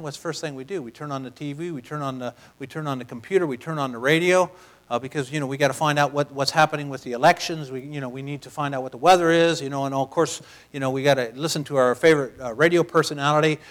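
At medium pitch, a man gives a homespun, conversational sermon that moves from loud shouting to hushed, near-whispered moments.

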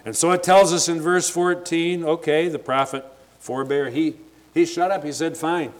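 A man's voice: fairly high pitch, fairly even intonation, normal speed. A man preaching a sermon, retelling scripture in everyday words and stumbling over restarts as he thinks aloud.

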